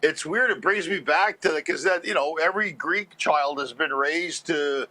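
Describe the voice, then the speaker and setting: A comedian from Montreal phones in and tells animated, rambling stories with frequent laughs. His voice sits high and sounds bright and forceful. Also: normal speed. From Montreal, Canada. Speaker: stand-up comedian, phone-in guest. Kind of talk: casual storytelling chat.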